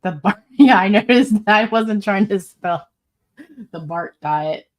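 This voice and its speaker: A woman's voice: medium pitch, expressive, unhurried. A woman hosting a casual live stream, reading viewer comments aloud in a chatty, rambling way and laughing often. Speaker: livestream host.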